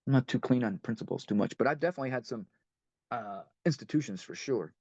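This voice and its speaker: A man's voice: medium pitch, lively intonation, fast talker, a little mellow, dry recording. A man leading a recovery step workshop in conversational teaching talk. He repeats himself and speaks straight to the group. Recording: dull lo-fi dry recording.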